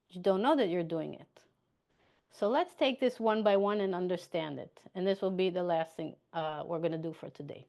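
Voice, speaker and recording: A woman giving a motivational coaching talk, chatty, repeating her points and checking in with "okay?". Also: mid-range voice.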